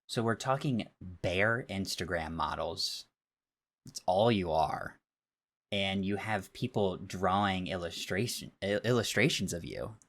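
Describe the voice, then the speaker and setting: A man in his thirties rants on a podcast with a very low-pitched voice. He airs strong opinions in an animated, casual way. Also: a little slow. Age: 30s. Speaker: podcast co-host. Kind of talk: casual chat.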